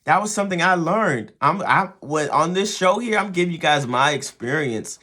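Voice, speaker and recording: A man hosts a show for fathers, giving his advice in a casual, conversational way, often repeating words and checking in with "right?". His voice sits fairly high, with lively intonation at a normal speed, and his tone is bright and forceful with a breathy edge.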